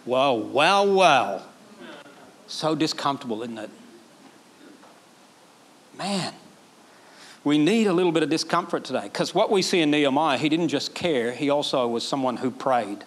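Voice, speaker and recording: Man, pastor, animated sermon, fairly high voice. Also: measured pace, pauses often. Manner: animated preaching, acting out quoted prayers in a raised voice.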